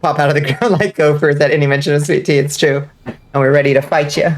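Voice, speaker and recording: A woman from the US South streams a game as a vtuber, chatting casually with her viewers in a low, steady voice and talking fast. She swears freely and laughs often.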